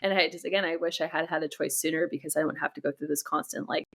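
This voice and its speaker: A woman's voice: low-pitched, fairly even intonation, quick pace, a bit bright. A young woman giving a candid interview about her own life. She talks bluntly, swears freely and often stops to restart her sentences. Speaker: interview guest. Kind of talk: candid personal storytelling interview.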